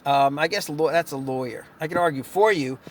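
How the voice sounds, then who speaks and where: A man's voice: fairly high pitch, a little fast. A young man, a chiropractor, in a profane and sarcastic vlog rant, laughing between his lines. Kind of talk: ranting vlog monologue.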